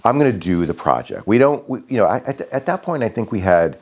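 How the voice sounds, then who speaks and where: Animated low-voiced man telling a story. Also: brisk, breathy edge. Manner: rambling, many fillers and restarts, animated when quoting others. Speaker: homeowner telling the story of his backyard. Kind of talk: casual storytelling.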